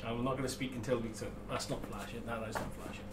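A man hosts a live model-making stream, chatting casually and laughing often, with many restarts and fillers, in a medium-pitched, level voice at a quick pace. He's off the mic and far away from it, in an echoey room with faint room noise.

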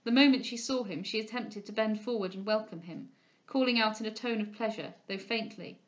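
A woman reading a classic novel aloud as an audiobook reader, with expressive, measured storytelling. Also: medium pitch, muffled recording.

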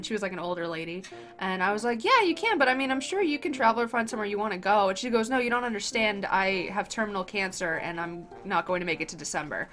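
A young woman hosting a game playthrough, chatting casually and telling an animated story in which she acts out the people she quotes. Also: medium pitch, fast, faint music behind. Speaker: let's play host. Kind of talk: casual chat while playing a game.

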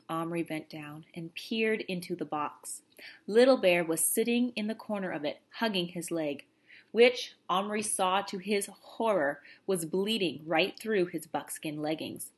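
A woman reading a children's novel aloud in a steady storytelling voice. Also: lowish voice, measured pace. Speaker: reader.

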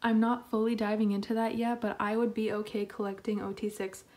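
A young woman chatting casually while unboxing K-pop albums, excitable and talkative, with lots of fillers and little laughs. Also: medium pitch, fairly quick. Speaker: K-pop album haul vlogger.

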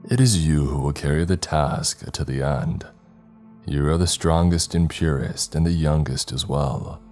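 A man's voice: very deep voice, a little mellow, soft background music. A man doing a grave old mystic priest. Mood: solemn. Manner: slow, solemn, archaic speech. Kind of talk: horror story narration.

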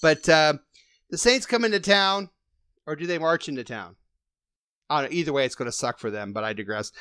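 A man's voice: a little high, fairly bright tone, clear, resonant tone, dry recording, clean studio sound. A man hosting a casual sports fan podcast, joking and teasing as he talks. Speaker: podcast host.

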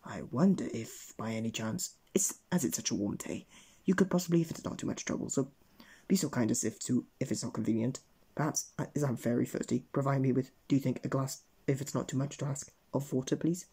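A man's voice: fairly high pitch, normal speed, dark tone. A man voicing a fussy, wordy old male wizard who rambles in hesitant, overly polite phrases. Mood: rambling polite.

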